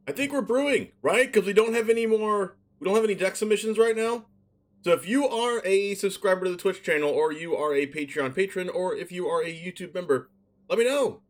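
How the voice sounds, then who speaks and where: A young man streaming a card game, chatting to his viewers in a rambling, excitable way. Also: high voice. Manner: excitable, shouts and laughs at plays.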